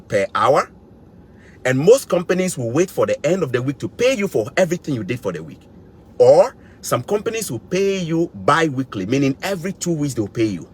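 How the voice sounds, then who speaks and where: This vlogger, originally from West Africa and now living in Canada, delivers an emphatic lecture to his viewers and addresses them head-on. He circles back to the same points repeatedly in a husky voice that sits on the high side.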